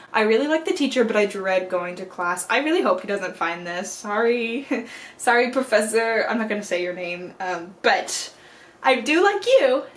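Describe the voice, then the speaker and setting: A young woman in college reviewing books in a casual, rambling vlog, animated and full of playful asides. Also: medium pitch, a little hiss or hum. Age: young adult. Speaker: book vlogger. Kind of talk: casual chatty book review.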